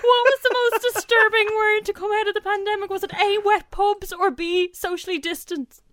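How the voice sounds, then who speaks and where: A woman co-hosting a radio show, loud and dramatic with a lot of laughing. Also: extremely high pitch, steady tone, moderate pace, dry recording. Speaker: radio co-host. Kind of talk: casual radio chat.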